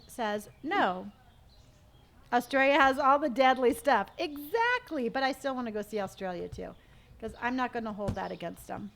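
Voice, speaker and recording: A woman's voice: fairly high pitch, fairly bright tone. A middle-aged woman chatting casually on a live stream while she plays, reading viewer comments aloud and humming to herself. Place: at home.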